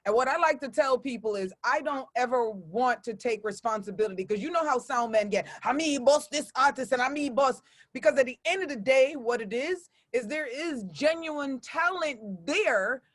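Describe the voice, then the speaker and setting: A woman's voice: high-pitched, lively intonation, moderate pace, hardly any pauses. A woman hosting a podcast interview, chatty and blunt. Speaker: radio host. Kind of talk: casual interview chat.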